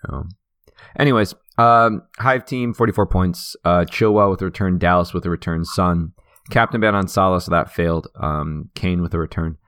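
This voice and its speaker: A man's voice: deep voice, moderate pace, a bit bright, clean tone, no room sound, clean studio sound. A man co-hosting a podcast, chatting casually and thinking aloud with lots of fillers. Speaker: podcast co-host. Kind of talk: casual chat about fantasy football.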